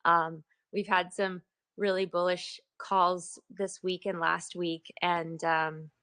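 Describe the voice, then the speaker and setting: A woman's voice: lowish voice, little pitch movement, takes it slowly, bright, forceful tone, dry recording. A woman on a project call giving a casual update, hesitant and restarting her sentences. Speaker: team member on a project call.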